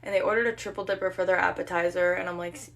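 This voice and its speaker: Young woman, sarcastic storyteller, animated, mock-sweet asides. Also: lowish voice, racing, gravelly. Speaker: restaurant server. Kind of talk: casual storytime vlog.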